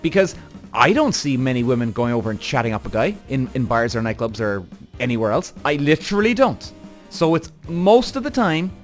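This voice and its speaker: A man hosting a podcast, telling a story in an animated, swearing rant aimed straight at his listeners. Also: mid-range voice, brisk, faint music behind. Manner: animated, addresses audience directly, frequent swearing and acted-out quotes. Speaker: podcast host.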